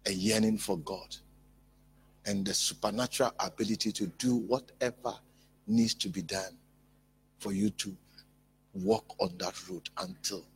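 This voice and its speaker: A male pastor preaching a sermon in an emphatic, repetitive way, building up to loud peaks. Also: fairly low pitch, slight background noise.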